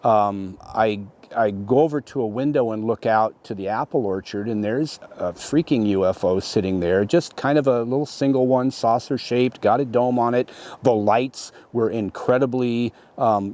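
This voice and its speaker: A middle-aged man, an interview guest, telling a story in a rambling, halting way, full of restarts and "you know". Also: medium pitch, warm tone. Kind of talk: conversational storytelling.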